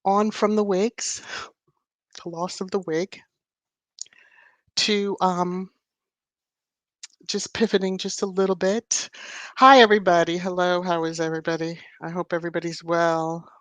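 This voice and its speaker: A woman's voice: on the low side, level tone, measured pace, long pauses, no echo. A woman hosting a livestream in a casual, playful, chatty way, laughing often. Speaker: livestream host. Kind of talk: casual live-chat talk.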